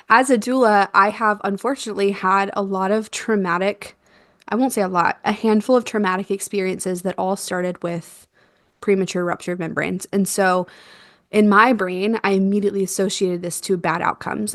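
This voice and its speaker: A young woman recounts her own labor, lively and quick to laugh, slipping into the voices of the people she quotes. Her voice sits at an ordinary middle pitch. The sound is dry and close, with no room around it. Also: dry recording. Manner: animated, laughs often, acts out quoted dialogue. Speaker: podcast guest, doula. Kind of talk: conversational birth storytelling.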